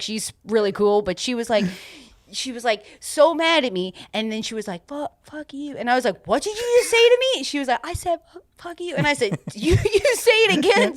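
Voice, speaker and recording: A woman's voice: a little high, dry recording, clean studio sound, natural voice. A woman playing a brash, blunt twelve-year-old boy who rambles through cheeky stories on an improvised comedy podcast. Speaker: podcast host in character.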